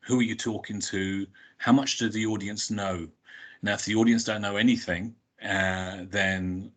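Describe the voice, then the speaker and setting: A man's voice: sits low, a bit bright. A man giving a webinar talk as a public speaking coach, earnest and repetitive with frequent restarts. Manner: earnest, repeats words and restarts.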